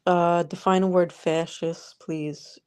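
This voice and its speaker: A woman's voice: lowish voice, steady tone, slow pace, darkish tone, clear, resonant tone. A woman vlogger ranting sarcastically about politics straight to the viewer. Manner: sarcastic, exasperated, talks to the viewer.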